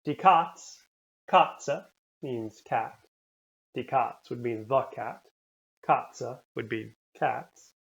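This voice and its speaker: Man teaching slow pronunciation drills. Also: medium pitch, vocal fry, dull audio. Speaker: language teacher. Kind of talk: recorded language lesson.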